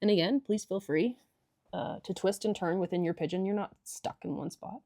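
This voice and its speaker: A woman's voice: on the low side, normal speed, vocal fry, dark tone, no echo, clean studio sound. A woman leading a casual guided stretching class, chatty and irreverent with joking asides. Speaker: yoga and stretching instructor.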